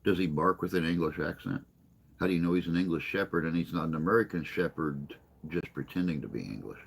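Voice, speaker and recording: A man's voice: sits low, quick pace, vocal fry, breathy edge. A man hosting a morning live stream, chatting casually and joking with viewers in a rambling way. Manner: rambling, joking, reads and answers chat.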